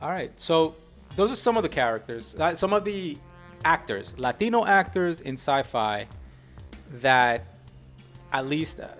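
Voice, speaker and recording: A man's voice: a little high, measured pace, pauses often, faint music behind. A middle-aged man hosting a podcast, chatting casually and with energy, often restarting his sentences. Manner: animated, talks through restarts and asides. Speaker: podcast host. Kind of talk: casual chat.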